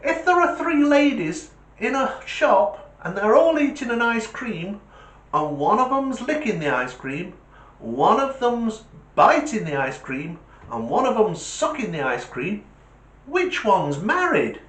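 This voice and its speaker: A man with a British accent voicing a cheeky, clever little boy in a joke, in a high boyish voice that sounds sly and cocky. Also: sing-song, unhurried, a bit bright, full character voice. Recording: roomy echo.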